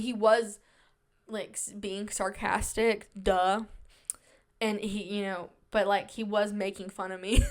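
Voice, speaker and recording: A young woman hosts her own podcast, talking on her own in a loose, rambling way, full of fillers and little pep talks to herself. Her voice is smooth and clear at a mid pitch, and by her own account she is shy and introverted. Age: young adult. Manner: chatty, filler-heavy, self-reassuring. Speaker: podcast host. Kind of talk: casual solo podcast chat.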